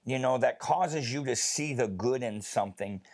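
A man telling a personal story in a casual faith discussion, chatty and animated, with many fillers. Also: mid-range voice, normal speed.

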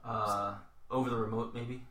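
A man's voice: mid-range voice, level tone, normal speed, pushed and bright, reverberant. A man co-hosting a podcast in casual chat, teasing in a dry way. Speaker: podcast co-host.

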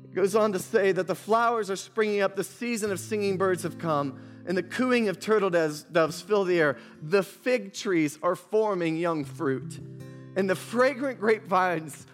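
A man's voice: sits high, moderate pace, soft background music. A male pastor preaching an emotional, impassioned sermon, repeating phrases as he builds, speaking to viewers watching online. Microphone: streamed to online viewers.

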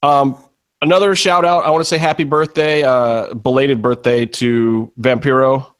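A man's voice: medium pitch, normal speed, clear, resonant tone. A man hosting a podcast, ranting casually and cursing about a streaming package. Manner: ranting, profane, animated. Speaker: podcast host.

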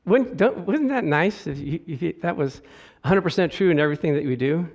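A middle-aged pastor preaches with lively, animated energy. His voice sits high for a man and climbs louder through scripture readings. He drops into easy joking asides between verses. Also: a little fast. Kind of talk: sermon.

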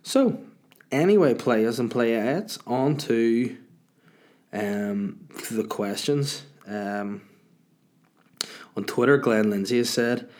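A man's voice: medium pitch, animated, slow, long pauses, darkish tone. A young man chatting casually on his solo podcast, telling crude, joking stories and swearing freely. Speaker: podcast host.

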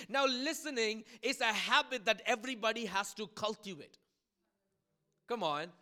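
A man's voice: high-pitched, moderate pace, bright, forceful tone. A man, preaching a sermon as pastor, repeating lines and building in intensity. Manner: preaching with rising intensity and repetition.

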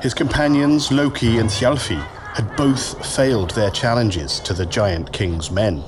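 A man narrating a story in a slow, expressive storytelling manner. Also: on the low side, music in the background.

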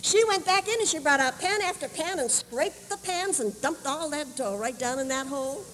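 A woman preacher telling a sermon story, animated and acting out voices, on an old camp meeting tape. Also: high-pitched, moderate pace, a little hiss or hum. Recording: 1981 camp meeting tape, roomy hall.

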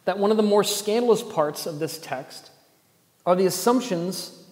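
A man's voice: high voice, animated, normal speed, a little mellow. Earnest male pastor in an echoey hall. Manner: earnest, with pointed rhetorical questions and dry sarcasm. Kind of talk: sermon. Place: church gathering space. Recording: echoey hall, long reverb.

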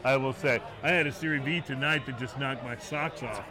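A man hosting a casual podcast about drinks and cigars, talking in a relaxed, chatty way. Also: mid-range voice, a little fast, a crowd in the background. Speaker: podcast host. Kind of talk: casual chat.

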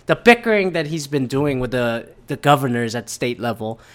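Animated and moderately paced, a man with a medium-pitched voice rants casually about current events. He gets heated, rambles, curses often, and mimics people in quoted asides.

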